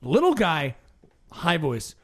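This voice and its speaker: A man, a comedian co-hosting a podcast, throwing in quick riffing jokes in casual chat. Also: fairly high pitch, wildly swooping pitch.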